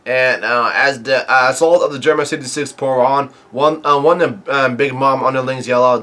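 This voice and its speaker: A man talks through a comic chapter in a loose, unscripted recap, stopping often for fillers and restarting his sentences. His voice is bright with a forceful edge and sits at an ordinary pitch for a man. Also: steady tone, normal speed, hardly any pauses. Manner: rambling, many "uh" fillers and restarts. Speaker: manga chapter reviewer. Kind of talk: casual manga recap, reading panels aloud.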